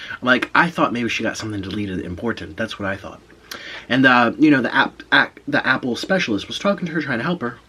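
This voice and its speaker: A man in his twenties telling a casual story on camera while he eats, pausing to savour his food. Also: mid-range voice, breathy edge. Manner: animated storyteller, pauses to eat and savour food. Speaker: mukbang vlogger.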